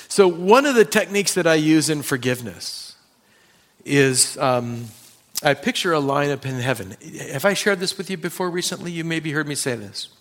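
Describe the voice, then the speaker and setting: A man's voice: a little high, a bit bright. A male pastor preaching a sermon, talking conversationally and addressing the congregation directly with personal stories.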